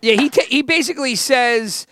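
A man's voice: extremely high pitch, moderate pace, fairly bright tone, a little hiss or hum. A man co-hosting a podcast, chatting casually about a movie in a blunt, freely swearing way. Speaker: podcast co-host. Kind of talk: casual movie review chat.

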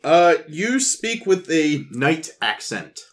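A man acting as game master of a tabletop role-playing game, talking in a relaxed, halting way with many fillers. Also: on the high side.

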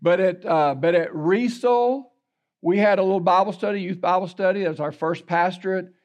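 Older man, pastor, sermon storytelling, slightly high voice, repeats words. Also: moderate pace, darkish tone.

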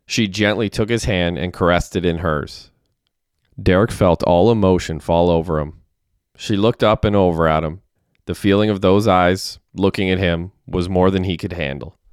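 A man narrating a story in a steady, plain reading voice. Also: sits low, clear, resonant tone, no room sound, studio quality. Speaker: audiobook narrator. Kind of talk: scripted narration.

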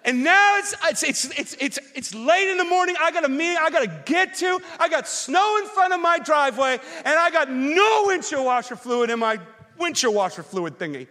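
A man preaching as pastor, telling an animated personal story that swings from loud rants to quiet, earnest reflection. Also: very high-pitched, moderate pace. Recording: long hall reverb.

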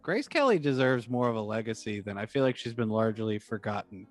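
A man's voice: fairly low pitch, lively intonation, fairly quick, soft background music. A man co-hosting a casual comedy podcast, dry and musing, often correcting himself. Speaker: podcast co-host.

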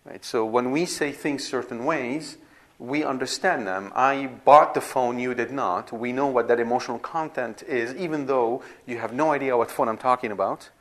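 A man's voice: medium pitch, normal speed. A man teaching a class on scripture, explaining patiently and often asking "right?" to check the listeners are following. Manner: explanatory, repeats himself with frequent "right?" checks and restarts. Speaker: Bible teacher. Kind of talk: classroom lecture.

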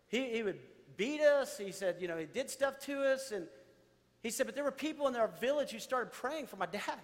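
High-voiced pastor preaching. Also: male voice. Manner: storytelling, animated, addresses church directly. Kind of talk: sermon. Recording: reverberant church hall.

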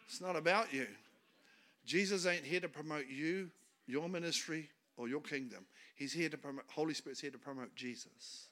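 This guest preacher speaks in a slightly high voice at a moderate pace. His sermon is casual and forceful, coming in short bursts that shift from quiet remarks to loud proclamations.

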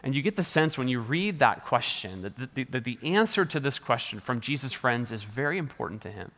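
A man preaching a sermon in a relaxed, conversational way, often restarting his sentences and laughing lightly. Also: mid-range voice, brisk. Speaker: pastor. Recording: reverberant hall.

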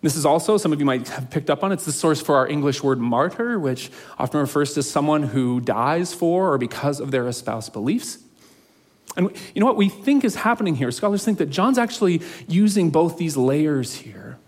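Earnest, fairly high-voiced male preacher. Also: lively intonation. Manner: earnest, measured preaching with emphatic slow phrases. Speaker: pastor. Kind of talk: sermon.

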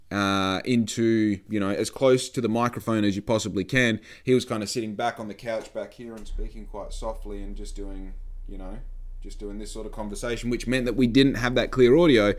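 A man casually vlogging to camera, blunt and sarcastic, swearing freely, recorded on a phone mic. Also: lowish voice. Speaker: podcaster and vlogger. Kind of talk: casual talking-to-camera vlog. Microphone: phone microphone.

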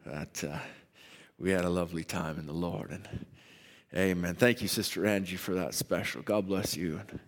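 A man preaching a sermon as pastor, starting in a low conversational voice and building to loud, rising emphasis, with slow, stressed scripture reading. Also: fairly even intonation, long reverb tail. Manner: reads scripture slowly with heavy emphasis. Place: church sanctuary.

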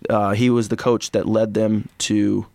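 A man's voice: fairly low pitch, flat delivery, measured pace, vocal fry, mellow, no echo, studio quality. A man co-hosting a sports podcast, chatting casually and rambling through basketball picks and old stats. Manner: rambling, digressive, breaks into goofy impressions. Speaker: podcast co-host.

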